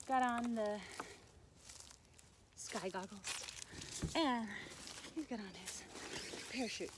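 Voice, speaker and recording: A woman telling a campfire story, playful and animated, dropping to hushed whispers and jumping to squeaky high bursts. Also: takes it slowly, pauses often, noisy background. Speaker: camp storyteller.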